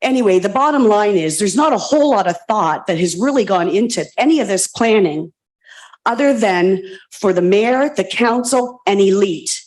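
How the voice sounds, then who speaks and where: A woman's voice: medium pitch, lively intonation, moderate pace, a little mellow. Emotional woman speaking at a public meeting. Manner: emotional, passionate, repeats pointed questions. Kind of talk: impassioned public comment.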